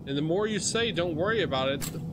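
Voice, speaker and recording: A man's voice: fairly high pitch, expressive, fast, noisy background. A man commentating on his own horror game play, jumpy and swearing, talking back to the characters on screen. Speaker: gaming streamer.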